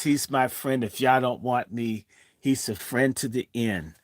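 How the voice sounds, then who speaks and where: A man's voice: mid-range voice, measured pace, slight background noise. A man in his sixties telling a childhood story in a blunt, provocative way, swinging from the tale into profane rants. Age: 60s. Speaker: host.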